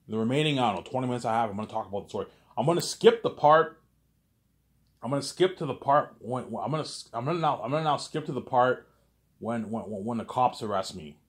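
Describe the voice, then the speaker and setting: A man's voice: medium pitch, lively intonation, quick pace. A man telling a long, rambling story casually, repeating words often and adding constant filler tags.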